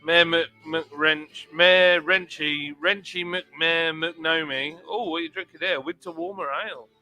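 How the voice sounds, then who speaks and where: A man's voice: fairly high pitch, fairly even intonation, a little slow, pushed and bright, soft background music. A man hosting a casual livestream chat, reading out viewer comments in a laid-back, chatty way. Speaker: livestream host. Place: home.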